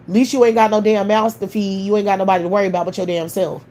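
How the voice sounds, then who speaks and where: A woman's voice: mid-range voice, fairly even intonation, fast talker, hardly any pauses, a little mellow. Woman livestream host; heated, profane rant; mid-range voice. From United States.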